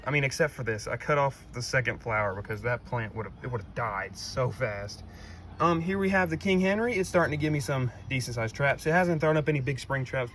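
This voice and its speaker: A man's voice: mid-range voice, fairly bright tone, a little hiss or hum. A young man with a cracking voice, casually walking through his plant collection, rambling with lots of ums and likes. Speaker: carnivorous plant grower giving a tour. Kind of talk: casual walkthrough vlog. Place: outdoor garden.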